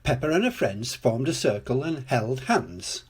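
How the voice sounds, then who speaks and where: Old man reading a kids' picture book, slow, lively, bit breathy. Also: mid-range voice. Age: older. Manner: gentle, expressive reading. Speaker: storyteller. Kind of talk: reading a children's storybook aloud.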